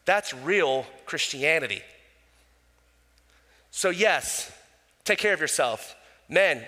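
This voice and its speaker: Preacher, man, slightly high voice, lively, loud-to-soft swings, echoing church. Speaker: pastor. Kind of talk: sermon. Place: church hall. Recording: long reverb of a church hall.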